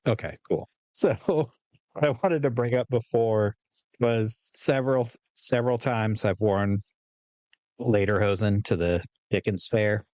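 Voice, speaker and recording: A man's voice: lowish voice, steady tone, measured pace, darkish tone, no echo. A man in his forties from California, co-hosting a podcast in a rambling casual chat full of fillers and laughs. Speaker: podcast co-host.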